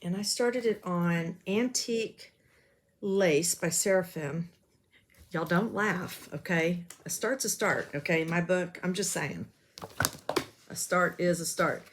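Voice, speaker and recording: A woman's voice: on the low side, slow pace, a little hiss or hum. Chatty woman, rambling with ums. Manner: self-deprecating and gushing. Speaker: cross-stitch vlogger. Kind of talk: casual show-and-tell chat.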